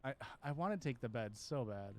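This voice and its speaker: A man's voice: medium pitch, expressive, brisk, a little mellow, slight background noise. A man streaming a game live, chatting casually and joking with chat, often swearing playfully.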